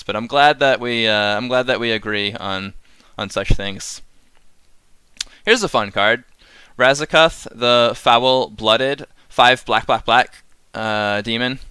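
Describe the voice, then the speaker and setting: A man's voice: mid-range voice, pushed and bright, clear, resonant tone, no echo. A man casually reviewing game cards on a live stream, rambling and chuckling as he chats with viewers.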